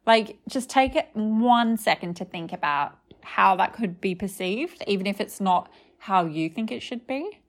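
A woman's voice: mid-range voice, lively intonation, measured pace, few pauses. A woman co-hosting a podcast, chatting casually and gossiping about reality TV with many restarts. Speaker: podcast co-host. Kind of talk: casual chat.

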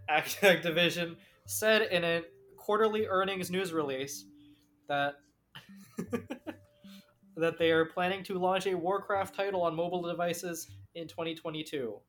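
A woman co-hosting a casual podcast chat, joking, excitable and swearing casually. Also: fairly low pitch, measured pace. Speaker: podcast co-host.

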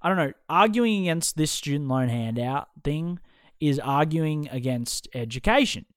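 A young male podcast host with a fairly high voice goes on a heated, profanity-heavy rant. The sound is dry and close, with no room around it. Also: animated, normal speed, no echo.

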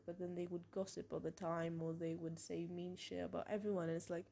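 A young woman hosting a podcast, telling personal stories in a frank, expressive way, with swearing and small laughs. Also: fairly low pitch, normal speed, creaky. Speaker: podcast host. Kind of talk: candid personal monologue.

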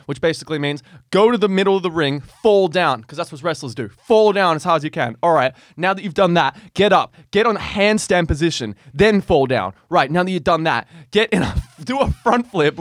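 A man spins a crude, animated anecdote for his podcast co-hosts, laughing as he goes. His voice sits a little high for a man. The sound is dry and close, with no room around it. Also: no echo. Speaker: podcast co-host. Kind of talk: casual storytelling chat.

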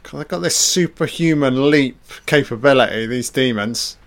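A man's voice: mid-range voice, moderate pace. A man giving a casual, sarcastic and profane commentary over a film, tossing off laid-back asides.

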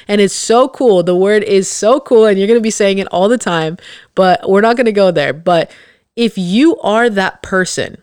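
A woman's voice: medium pitch, clear, resonant tone, no room sound, studio quality. A woman hosting a podcast, giving candid, blunt advice to her listeners in an emphatic, confiding way. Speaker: podcast host.

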